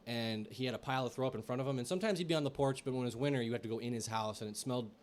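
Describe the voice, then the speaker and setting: A man's voice: mid-range voice, very fast. Profane rambling man telling stories. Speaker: podcast co-host. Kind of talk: casual storytelling chat.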